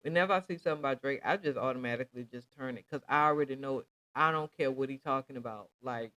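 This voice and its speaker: A man talking casually to his audience, rambling along and checking in with them often. His voice is smooth and resonant, easygoing and unhurried in manner. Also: mid-range voice. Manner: relaxed, rambling, chatty with many fillers. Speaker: vlog host. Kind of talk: casual chat.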